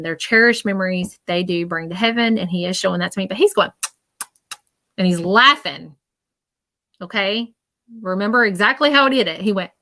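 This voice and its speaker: A woman with a lowish, fairly bright voice and vocal fry gives a psychic reading as a medium on a livestream. She rambles along with plenty of "um"s and "you know"s, addressing her viewers directly and reassuringly.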